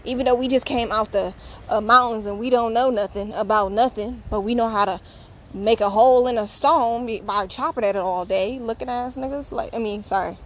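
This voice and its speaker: A woman's voice: a little high, moderate pace. A woman hosting her own show, talking in a blunt, profane, emphatic casual monologue. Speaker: podcast host.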